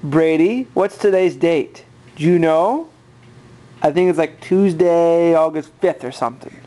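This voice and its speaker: A woman's voice: fairly low pitch, a little slow, warm tone. A woman in a home video, coaxing her toddler with sing-song baby talk, at home. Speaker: parent filming her toddler.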